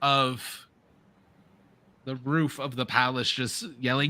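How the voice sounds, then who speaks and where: A man's voice: medium pitch, flat delivery, slow, pauses often, sharp tone. A man narrating a tabletop game as game master, improvising energetically.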